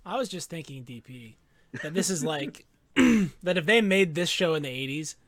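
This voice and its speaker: A man talking casually on a podcast, animated and quick with asides. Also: a little high. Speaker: podcast co-host. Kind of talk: casual chat.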